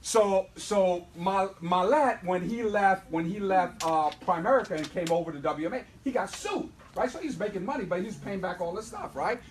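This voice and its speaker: Man, high voice, energetic motivational trainer, live audience talk, keeps asking "right?". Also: moderate pace, few pauses, slight background noise, low-quality recording. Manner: energetic, repeatedly asks "right?". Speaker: business trainer.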